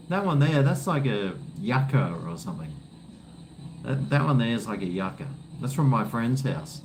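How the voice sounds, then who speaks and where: A middle-aged man with an Australian accent chats casually and rambles between sips of beer. His talk is loose, jokey and full of swearing. A steady noise sits behind his voice. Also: mid-range voice, moderate pace. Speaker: live-stream host. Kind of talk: casual chat while drinking beer.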